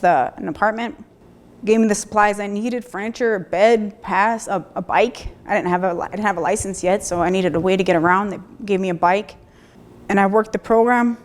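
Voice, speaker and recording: A woman in her thirties telling her own story of recovery, speaking candidly with halting restarts and repeated phrases. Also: medium pitch. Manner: plainspoken, occasional mild swearing. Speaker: person sharing a recovery story. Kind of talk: personal testimony, candid and conversational.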